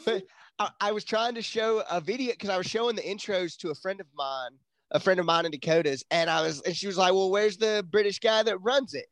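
A man's voice: high-pitched, fast, fairly bright tone, dry recording. A man co-hosting a casual podcast, telling stories with animation and swearing often. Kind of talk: casual chat.

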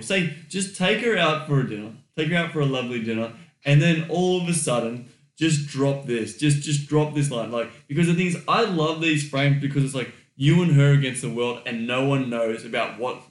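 An Australian man co-hosts a casual podcast in a roomy, echoey space, speaking at a medium pitch and a normal speed. He's blunt, swears freely, and laughs easily as he talks.

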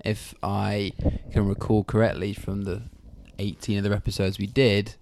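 A man's voice: fairly low pitch, little pitch movement, moderate pace, noisy background. A man hosting a casual chat, joking and asking questions.

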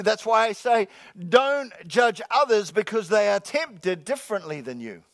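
High-voiced jokey male pastor. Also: very animated, no echo. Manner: jokey, repeats key lines slowly, calls out "come on, somebody". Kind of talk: sermon. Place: church sanctuary with congregation.

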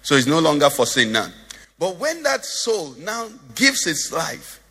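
A man preaches in a lively, swooping sing-song voice, his tone bright and a little husky. He keeps turning to the congregation with questions, and his words ring out with the long reverb of a church hall. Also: a little high, measured pace. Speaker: pastor. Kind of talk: sermon.

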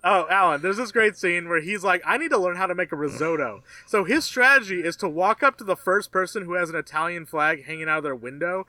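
High, excitable podcast guy. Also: brisk, few pauses, dry recording. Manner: laughing, excitable. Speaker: podcast co-host. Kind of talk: casual chat.

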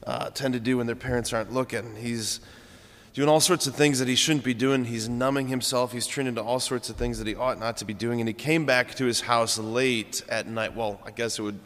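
A man's voice: mid-range voice, fairly even intonation, brisk, a bit bright. A young adult man, a priest, giving a homily in a conversational storytelling way, with frequent fillers. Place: large church. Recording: long church reverb.

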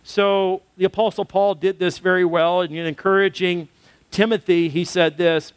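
High-voiced pastor telling a story. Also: male voice, little pitch movement, moderate pace, clean tone, dry recording. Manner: storytelling, earnest and conversational. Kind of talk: sermon with personal story.

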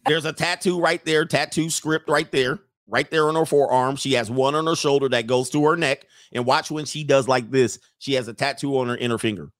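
A man's voice: mid-range voice, steady tone, brisk, hardly any pauses, fairly bright tone, no room sound, studio quality. A man doing comedic reaction commentary, sarcastic and laughing often.

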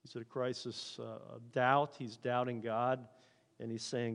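Male pastor, mid pitch, sermon delivery in a reverberant church hall. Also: flat delivery, measured pace, creaky. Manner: reads scripture aloud, then speaks the prophet's and God's words in a hushed voice.

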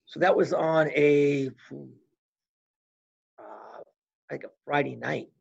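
Gravelly, husky older man telling stories. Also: a little high, slow pace. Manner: animated storyteller who acts out past conversations. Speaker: guest, former college wrestler. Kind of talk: casual storytelling interview. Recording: dull lo-fi recording.

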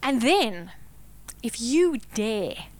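Dramatic high-voiced woman preacher. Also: very animated, very slow. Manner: dramatic, swings from intense whispers to loud declarations. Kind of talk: sermon.

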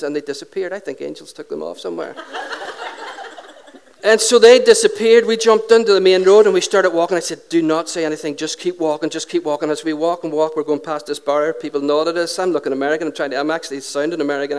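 A man, a pastor telling a lively story in a sermon and acting out the dialogue. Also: on the high side, fast talker, clear, resonant tone.

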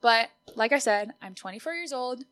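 A woman's voice: fairly high pitch, lively intonation, normal speed, fairly bright tone, clear, resonant tone. A woman, whose was Spanish, hosting her own podcast in a bubbly, chatty, upbeat way. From Austin, Texas. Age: 20s. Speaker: podcast host. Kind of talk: solo podcast monologue.

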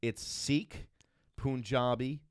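A man's voice: medium pitch, steady tone, slow, clean tone, no echo, studio quality. A man hosting a casual podcast chat, laughing often and telling loose, profane stories. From from an Irish family. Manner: laughs often, swears, tells loose anecdotes. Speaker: podcast host.

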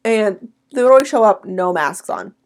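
A woman's voice: medium pitch, expressive, moderate pace. A young woman co-hosting a podcast, talking bluntly and swearing freely in casual chat. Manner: blunt, profane, laughs often. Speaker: podcast co-host.

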